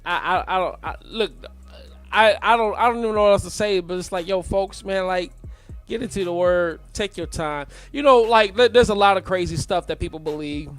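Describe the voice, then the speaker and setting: A radio co-host with a high voice chats casually, mostly nodding along with quick affirmations. When he gives advice he stumbles and restarts his sentences. Faint music plays underneath. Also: a bit bright. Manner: frequent short affirmations, hesitant restarts. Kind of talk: casual chat with short reactions and advice.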